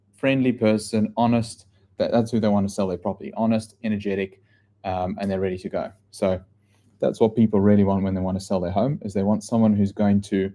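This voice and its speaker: A middle-aged man giving a live real estate training session, blunt and energetic, swearing casually and often restarting his sentences. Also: fairly low pitch. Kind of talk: live training session answering viewer questions.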